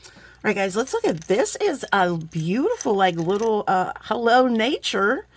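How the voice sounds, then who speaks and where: A middle-aged woman chatting casually as she unboxes beading supplies, rambling, warm-hearted and quick to get emotional. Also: mid-range voice, very animated. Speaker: beading vlogger.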